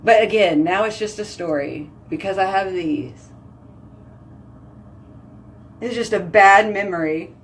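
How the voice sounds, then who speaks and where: A woman's voice: mid-range voice, normal speed. A chatty woman, hosting a casual live stream and talking with her viewers. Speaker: livestream host.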